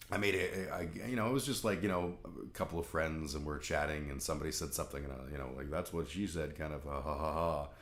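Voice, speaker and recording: A man's voice: sits low, a bit bright, reverberant. A man from Canada talking candidly in a rambling, casual monologue, swearing freely. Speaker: vlog host.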